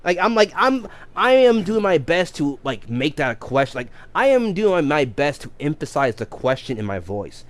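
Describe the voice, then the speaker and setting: A man's voice: a little high, sing-song, normal speed, few pauses, no room sound. A man casually telling a long story on a game livestream, rambling with many restarts and self-corrections. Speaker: game streamer.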